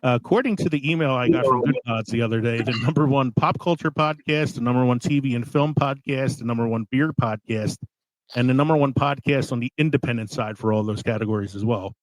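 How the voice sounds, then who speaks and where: A man hosts a casual podcast in a small studio, joking and swearing freely. His voice sits at an ordinary pitch, and the sound is dry and close with no room echo. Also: brisk. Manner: laid-back, swearing, laughing between lines. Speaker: podcast host.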